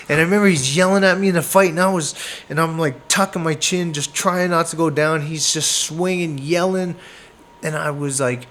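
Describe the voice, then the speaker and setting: A man from Canada, a boxer, telling a fight story in a casual interview, animated and acting out moments with sound words. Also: fairly high pitch, normal speed, a little hiss or hum. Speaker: boxer guest.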